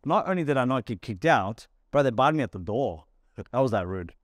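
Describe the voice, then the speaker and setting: This casual podcast chat features an Australian host who talks fairly quickly in a mid-range voice, acting out lines of dialogue as he tells a story and laughing a lot. There's no room sound.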